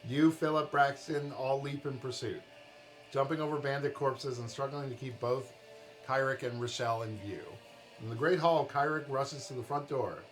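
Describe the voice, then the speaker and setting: A man narrating a tabletop fantasy game as game master on a live stream, in a steady storybook manner. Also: medium pitch, moderate pace, faint music behind.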